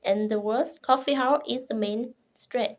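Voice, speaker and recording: A young woman, a student reading a class presentation in short, careful, halting chunks. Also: a little high.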